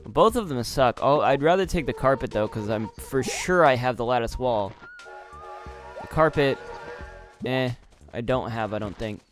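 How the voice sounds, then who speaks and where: A man giving casual, chatty commentary while playing a video game, laughing often and getting easily excited. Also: mid-range voice, moderate pace, soft background music. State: out of breath.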